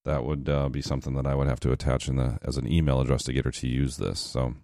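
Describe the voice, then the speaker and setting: Very deep-voiced man, dry sound. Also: level tone, fast, gravelly, dark tone, dry recording. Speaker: podcast co-host. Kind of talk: casual chat.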